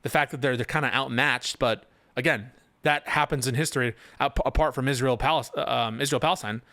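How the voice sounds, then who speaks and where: A man's voice: mid-range voice, fairly even intonation, a little fast, bright, forceful tone, no room sound. A male commentator giving reaction commentary, rebutting a written post point by point with incredulous, sarcastic remarks. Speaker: political commentator.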